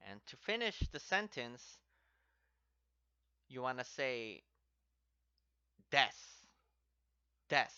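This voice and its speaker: A man gives a language lesson at an unhurried, deliberate pace. He explains step by step and repeats each example word twice. His voice is bright and crisply clear, caught dry on a slightly muffled, lo-fi recording. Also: mid-range voice, no echo. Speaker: language teacher.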